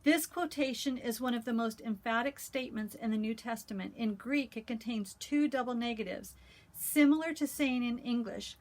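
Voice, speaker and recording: Woman vlogger, higher-pitched voice, earnest, chatty, pausing often between thoughts. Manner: earnest, heartfelt, many "um" pauses. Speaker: cross-stitch vlogger. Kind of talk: casual talk with scripture reading.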